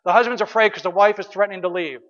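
A man's voice: sits high, steady tone, very fast, fairly bright tone, long reverb tail, highs cut off. A man pastor giving an earnest, conversational sermon with emphatic repeated phrases.

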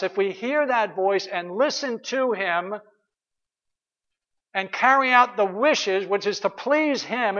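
A man's voice: sits high, fairly bright tone, long reverb tail, muffled recording. A man pastor giving an earnest, conversational sermon with emphatic repeated phrases.

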